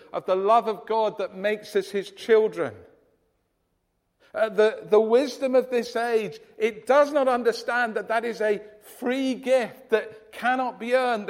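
A man's voice: high voice, big-room sound. A man from the UK preaching a sermon in an earnest, emphatic way, often restarting his phrases. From United Kingdom.

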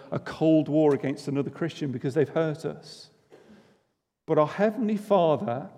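A man's voice: on the high side, warm tone, big-room sound. A man preaching a sermon to his congregation in a chatty way, asking them rhetorical questions and joking at his own expense. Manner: self-deprecating humour. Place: church.

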